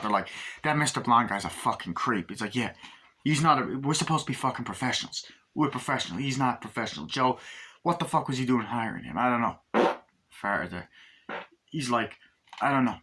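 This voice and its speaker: A man talks through a film he loves in a loose, rambling way, full of fillers and swearing. His voice sits at an ordinary pitch with a bright, forward edge. He keeps breaking into the film's lines as he retells the plot. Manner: retells scenes by acting out lines in raised, shouty voices, heavy swearing. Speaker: movie reviewer. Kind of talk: casual spoken movie review.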